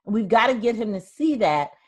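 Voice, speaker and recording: An older woman hosting a podcast, chatting casually and telling stories with soft laughs. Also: fairly high pitch, very animated, a little fast, husky. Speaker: podcast host. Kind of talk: casual interview chat.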